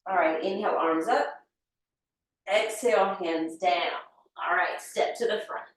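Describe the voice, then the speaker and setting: A woman guides a yoga class at an unhurried, deliberate pace, calling out breaths and poses one at a time. Her voice carries a heavy room echo and sounds distant from the microphone. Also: lowish voice. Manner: calm step-by-step cueing with breath counts. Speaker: yoga teacher. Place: yoga studio. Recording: echoey room, voice from far off mic.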